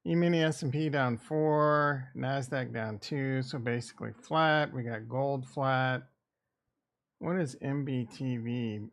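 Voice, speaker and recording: Slow, gravelly-voiced man from the Midwest. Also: mid-range voice, steady tone. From American Midwest. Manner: rambling, irreverent, thinking aloud. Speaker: crypto and stock market streamer. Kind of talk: casual livestream chat.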